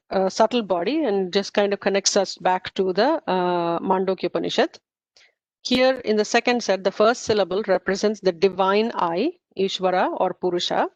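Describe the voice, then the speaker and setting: A woman with a mid-range voice explains concepts step by step to a study group in an informal lecture, frequently adding fillers and correcting herself. There's no echo, though the recording is slightly muffled and dull.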